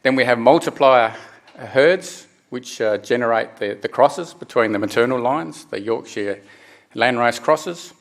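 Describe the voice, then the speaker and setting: A middle-aged man presents at a conference in a mid-pitched voice. He explains step by step and often stops to restart a phrase or fill a gap with "uh" and "um". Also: gravelly. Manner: halting, many restarts and fillers. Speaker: conference speaker. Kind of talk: technical presentation.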